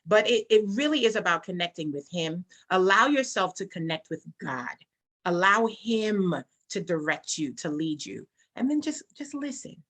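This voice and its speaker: A woman's voice: fairly low pitch, moderate pace. A woman gospel singer and songwriter, guest in an interview, telling her story earnestly and acting out the conversations she recalls. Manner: earnest, animated storytelling, acts out quoted dialogue. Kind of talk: casual interview, personal testimony.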